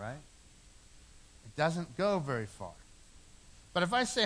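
A man's voice: medium pitch, sing-song, normal speed, long pauses, a bit bright. A middle-aged man preaching a sermon, earnest, repeating phrases for emphasis. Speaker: pastor.

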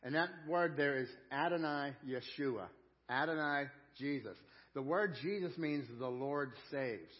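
A man preaching a sermon as pastor, earnest, slowing down and repeating phrases for emphasis. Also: a little high, lo-fi sound.

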